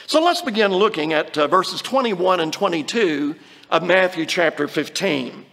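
A man preaching a sermon, explaining a Bible passage in an earnest tone and slowing down when he quotes scripture. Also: sits high, expressive, gravelly, a bit bright, in a large hall.

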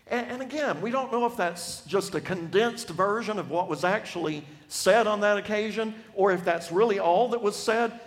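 A man preaching a sermon on a Bible passage, emphatic, dropping from loud to hushed for effect. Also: high voice, animated, normal speed. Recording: long reverb of a large hall.

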